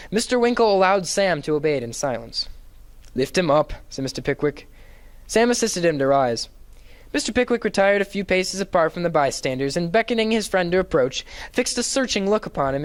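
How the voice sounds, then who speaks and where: A man giving a dramatic reading of a classic novel in an expressive, theatrical narrating manner. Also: sits high. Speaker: reader.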